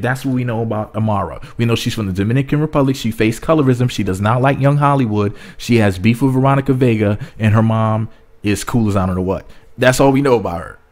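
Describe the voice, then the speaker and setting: Male vlogger, lowish voice, rambling casual commentary with repeated words. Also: a little mellow.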